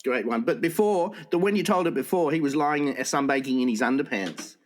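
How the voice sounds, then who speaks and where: A man's voice: mid-range voice, brisk, a little hiss or hum. A man co-hosting a casual comedy podcast. He rambles through jokes and laughs at his own punchlines. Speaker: podcast co-host.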